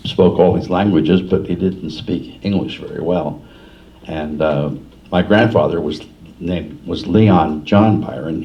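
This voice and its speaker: At a library forum, an older male author from New Jersey chats casually, wandering through self-deprecating anecdotes in a mellow voice that sits low. Captured in the library's meeting room, the sound is far off and muffled under a light hiss.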